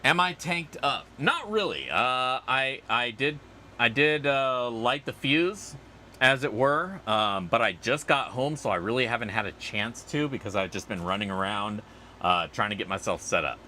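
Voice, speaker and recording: A man's voice: medium pitch, expressive, moderate pace, bright, forceful tone, a little hiss or hum. A man hosting a casual livestream outdoors, rambling and chatty as he answers viewer comments. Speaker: livestream host.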